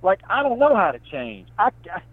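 Man, Appalachian accent, interview guest, folksy storyteller, somewhat high voice, tinny phone line. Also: brisk, no room sound. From southwest Virginia, Appalachia. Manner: animated storytelling, says man and brother. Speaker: guest, sports reporter. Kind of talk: casual interview.

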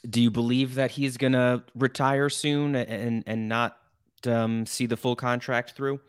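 A man hosts an interview, asking short, relaxed questions. His voice is smooth and resonant, and his pitch sits in the middle range. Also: a little slow. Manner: brief, conversational questions.

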